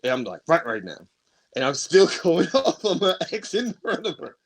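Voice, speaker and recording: A man co-hosting a casual podcast, telling a story with a lively voice that rises and falls widely. He acts out the people in his story and laughs often. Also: on the high side, normal speed. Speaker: podcast co-host.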